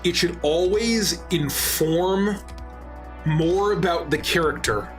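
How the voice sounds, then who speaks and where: A man's voice: sits high, takes it slowly, faint music behind. A man talking on a casual talk show, explaining game-master advice with emphasis.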